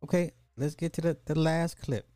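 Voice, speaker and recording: Dark-voiced exasperated male podcast host. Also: on the high side, steady tone, moderate pace, faint music behind. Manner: exasperated, repeats phrases for emphasis. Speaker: podcast host reacting to clips. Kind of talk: commentary podcast.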